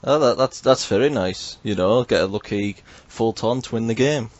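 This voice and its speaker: Podcast host, man, animated storyteller, dry lo-fi voice chat sound. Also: mid-range voice, normal speed, dry recording. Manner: animated, swearing, mimics others in quotes.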